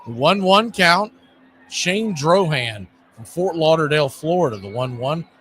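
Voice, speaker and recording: A man with a bright, forceful, slightly higher voice calls a baseball game pitch by pitch. He keeps it relaxed and conversational and fills the gaps between pitches with chatty asides. A faint hiss of noise sits under his voice. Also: measured pace. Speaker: play-by-play announcer. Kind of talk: live baseball play-by-play commentary.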